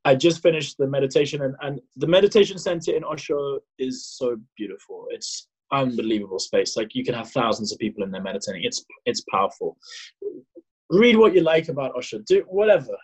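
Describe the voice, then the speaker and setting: A man from South Africa in his thirties, telling a personal story as a podcast guest, animated and full of fillers. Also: medium pitch, fairly quick, slightly rough, low-quality recording. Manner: animated, acts out his own past dialogue, many fillers and restarts. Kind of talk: casual storytelling.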